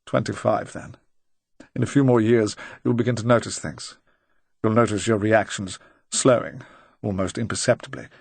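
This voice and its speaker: A narrator puts on a retired agent of fifty, quiet and deliberate, who lets every word land slowly in a low voice. The recording is close and dry, with no room sound at all. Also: male voice, slightly rough, dry recording.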